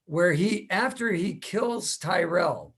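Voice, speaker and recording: A man hosting a casual interview over a video call, chatty and animated, loose with fillers. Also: sits high, takes it slowly. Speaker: podcast host.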